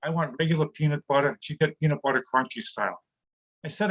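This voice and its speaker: A man doing a stand-up set of quick wordplay jokes. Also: fairly high pitch, fairly bright tone, muffled recording. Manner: punchline-driven, brisk wordplay. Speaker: stand-up comedian.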